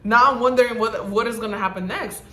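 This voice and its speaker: A woman vlogger telling a casual storytime, animated and swearing, breaking into laughs and loud bursts when she mimics herself. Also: a little high, fast, reverberant, a little hiss or hum.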